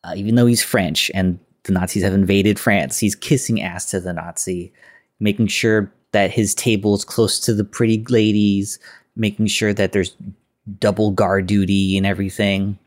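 Man, podcast host, casual film recap, slightly low voice, rambling filler words. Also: fairly even intonation, moderate pace. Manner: loose retelling with quoted lines and filler words.

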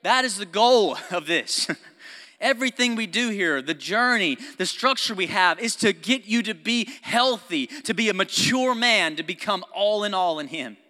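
A man preaching a sermon as pastor, passionate, swinging between loud exhortation and quiet, intimate talk, with frequent laughs and asides to the congregation. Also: high voice, animated, normal speed. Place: church sanctuary. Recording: long reverb of a church hall.

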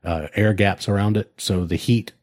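A man with a darkish voice on the low side co-hosts a podcast, speaking at normal speed with fairly even intonation. He rambles in casual conversation, using lots of fillers and restarts, captured in a dry, clean studio recording.

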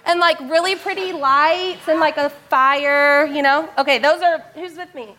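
A woman's voice: sits high, steady tone, unhurried, noisy background. A woman teacher leading a family church service on stage, playful and laughing as she talks straight to the crowd. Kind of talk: lively family sermon talk.

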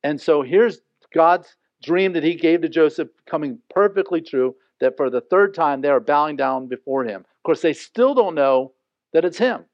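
A man's voice: a little high, lively intonation, normal speed, no room sound, dull audio. A man preaching a sermon in a conversational way, explaining scripture and acting out the quoted lines. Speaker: pastor.

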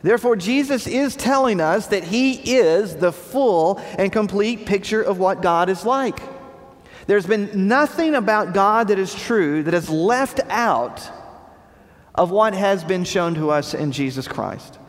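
Male pastor, high voice, preaching with emphatic repetition, dropping low at phrase ends; recorded in a reverberant hall. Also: animated, measured pace. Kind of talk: sermon. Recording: long reverb of a large hall.

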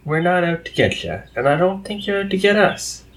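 A man's voice: sits high, expressive, fairly quick, fairly bright tone, voice pushed up. A man voicing a friendly, polite female farm pony who talks in a country drawl.

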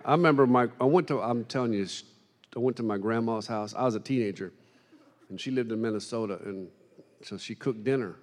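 Man preaching, jokey stories, mid-pitched voice, echoing church hall. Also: fairly quick. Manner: animated storytelling with self-deprecating humor. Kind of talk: sermon with humorous stories. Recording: long hall reverb.

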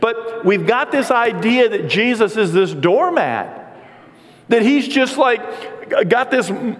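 A man preaching a sermon as pastor, animated and playful, acting out quick voices and jokes. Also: extremely high pitch, big-room sound.

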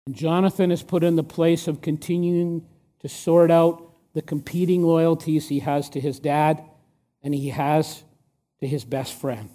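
A man preaching a sermon, emphatic and asking the listeners rhetorical questions, sometimes dropping to a hush for stress. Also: a little high, steady tone, a little slow.

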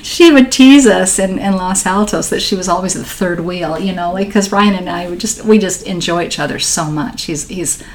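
A woman in her sixties, a podcast guest, tells her story in a conversational interview, warm and emotional as she rambles along. Her voice is lowish, her pace moderate, and she hardly pauses.

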